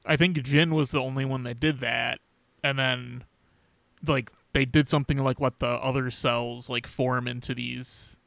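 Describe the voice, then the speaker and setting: A man's voice: medium pitch, flat delivery, unhurried, gravelly, fairly bright tone, no room sound. A man co-hosting a podcast, talking loosely and swearing casually. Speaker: podcast co-host. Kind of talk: casual recap chat.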